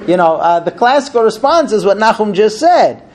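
A man with a high-pitched voice, speaking at a normal pace, leads a small class on marriage. He tells a lively story, animatedly acting out first the husband and then the wife.

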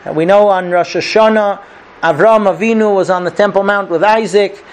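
A rabbi with a high voice teaches a conversational lesson at a moderate pace, his tone staying steady. He's chatty and keeps checking in with listeners by asking "okay?" and "right?" He tells stories and acts out the characters.

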